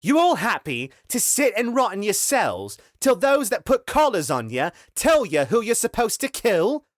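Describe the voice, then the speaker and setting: Man doing a fierce young woman fighter, foul-mouthed, shouting, rough, scornful, raised pitch. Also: wildly swooping pitch, normal speed, no room sound, clean studio sound.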